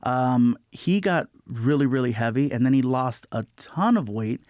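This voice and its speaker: A man being interviewed as a comedian guest, telling stories in a casual, lively way and often slipping into other people's voices. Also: mid-range voice, normal speed, no room sound, studio quality. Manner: storytelling, lively, breaks into voices.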